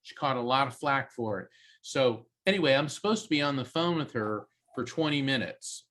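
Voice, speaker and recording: A man tells a story as a podcast guest, jumping between his own voice and the people he quotes. His voice is bright and forceful, in an ordinary middle pitch. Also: normal speed. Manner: lively anecdote-telling, acting out quoted voices. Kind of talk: animated storytelling in a podcast interview.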